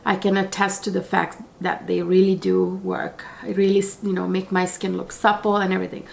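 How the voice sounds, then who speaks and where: A middle-aged woman, hoarse from a cold and husky-voiced, chatting casually to her viewers as a beauty vlogger, rambling with lots of fillers. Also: medium pitch, flat delivery, fairly quick. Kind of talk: casual chat to camera.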